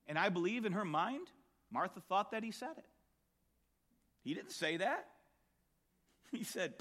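A man preaching a sermon, telling a Bible story with animated storytelling and acting out the voices of the people in it. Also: sits high, moderate pace, pauses often.

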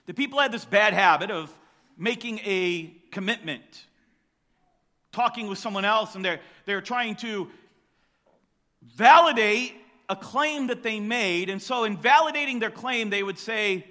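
A man preaching a sermon, emphatic, with loud rising bursts on key lines. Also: sits high, expressive, a little slow, big-room sound. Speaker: pastor.

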